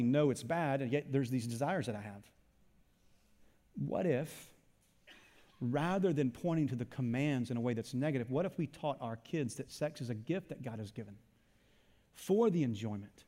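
A man preaching a sermon in an animated way, voicing imagined listeners and asking the congregation questions. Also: medium pitch. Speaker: pastor. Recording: long hall reverb.

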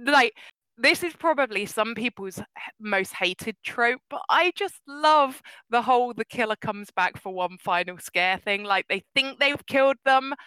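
A woman chatting casually as a podcast co-host, animated and laughing often, her voice jumping up when she gets excited. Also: a little high, unhurried, clear, resonant tone, no room sound, low-quality recording. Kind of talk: casual chat.

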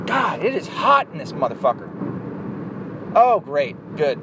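Brief: rambling, foul-mouthed guy, slightly high voice, car noise. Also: sing-song, measured pace, long pauses. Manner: rambling, profane, self-mocking. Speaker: podcaster. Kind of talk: casual profane rant. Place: inside a moving car.

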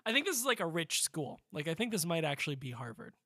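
A man with a bright, slightly high voice rambles through a joking movie recap in casual podcast chat. The sound is dry and close to the mic. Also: very animated, fast talker, husky, no room sound. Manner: rambling joking plot summary. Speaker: podcast co-host.

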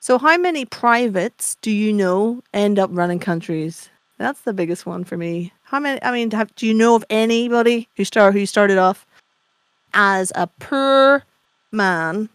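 Opinionated woman podcast co-host, mid-pitched and chatty, dry video-call sound. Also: expressive, a little slow, clear, resonant tone, no room sound. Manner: chatty, opinionated, explains with gusto. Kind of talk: casual chat.

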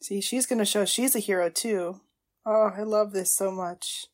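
A woman podcast host gushing through a casual watchalong, with excitable reactions, gasps and exclamations, and tearful at times. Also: medium pitch, normal speed.

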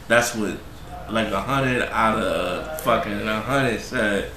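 A man hosting a podcast in casual chat, halting and repeating words as he searches for them. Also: fairly low pitch, noisy background. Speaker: podcast host. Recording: roomy room with faint ambience.

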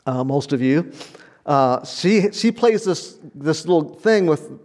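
A man's voice: on the high side, animated, slow pace, darkish tone. An older man preaching a sermon in a conversational, storytelling way, often repeating words and chuckling. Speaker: pastor.

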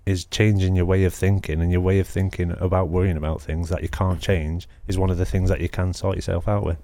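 A man's voice: low-pitched, little pitch movement, a little fast, dark tone, no room sound. A young man, co-hosting a casual podcast chat, blunt and sweary, teasing his friends. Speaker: podcast co-host. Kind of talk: casual banter among friends.

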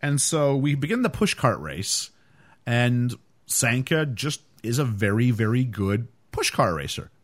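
Male podcast host, mid-pitched, animated, casual and rambling with fillers. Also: unhurried. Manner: animated, chatty with frequent fillers. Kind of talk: casual film discussion.

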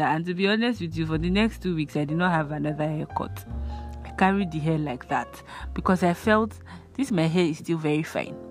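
A young woman from Nigeria with a Nigerian accent, hosting a casual advice talk and chatting earnestly while she acts out short everyday exchanges. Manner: chatty, earnest, acts out little dialogues in a higher voice. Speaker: host.

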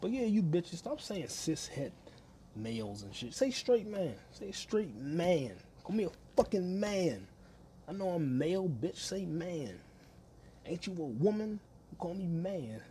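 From his home kitchen, a man hosts a crude solo podcast in a mid-range, mellow voice, with slight background noise. He rambles, swears constantly, and laughs at his own jokes.

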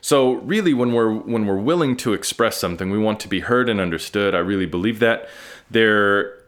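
A man with a somewhat low voice hosts a solo podcast monologue. He speaks earnestly and frankly, reflecting out loud and tossing in casual swearing. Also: normal speed. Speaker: podcast host.

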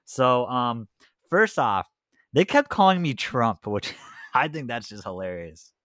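A man's voice: medium pitch, big pitch swings, slow pace, a bit bright, no room sound, clean studio sound. A young man co-hosting a casual podcast, telling stories loosely with lots of fillers. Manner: rambling, loose storytelling with many fillers. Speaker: podcast co-host. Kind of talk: casual chat.

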